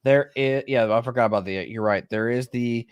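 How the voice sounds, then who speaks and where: A man from Louisiana recaps a show's plot in loose, rambling talk. He backtracks and corrects himself often. His voice is mid-pitched and recorded dry and close. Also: fairly quick, clean tone, no room sound, muffled recording. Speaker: podcast co-host. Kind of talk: casual livestream chat.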